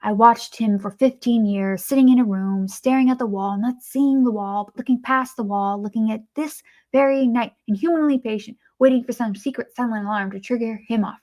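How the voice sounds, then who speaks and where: A grave male psychiatrist, as a woman puts him on, speaking in a put-on accent. He delivers his warnings slowly and solemnly, as if every word were a dire prophecy. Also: a little high, warm tone, natural voice. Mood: ominous.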